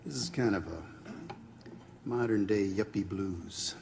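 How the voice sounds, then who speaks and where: A man's voice: on the low side, a little slow, creaky. Wry man introducing a song. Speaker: club member performing a song. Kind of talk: casual spoken intro before singing. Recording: loud guitar accompaniment.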